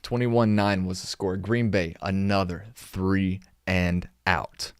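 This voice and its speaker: A man's voice: low voice, flat delivery, slow, smooth, no room sound, clean studio sound. A young man hosting a casual live-stream recap, reading from his notes and firing off exasperated rhetorical questions. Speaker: podcast host recapping games.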